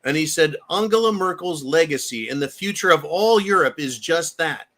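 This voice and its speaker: Casting: slightly high-voiced male host, angry profane political rant, hammering repeated lines. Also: expressive, moderate pace, fairly bright tone. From United States. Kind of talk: heated political commentary.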